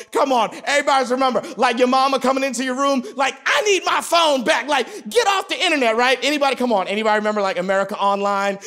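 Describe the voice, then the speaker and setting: A man in his thirties preaching a sermon in a lively, comic way, acting out little scenes with voices. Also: sits high. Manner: animated, comic, acts out voices. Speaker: pastor. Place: empty building, no audience present.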